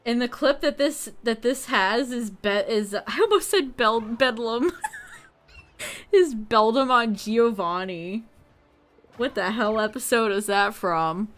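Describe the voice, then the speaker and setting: A woman's voice: fairly high pitch, animated, slow. A woman streaming to her chat, laughing and teasing as she repeats words in mock disbelief. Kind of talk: casual live-stream chat.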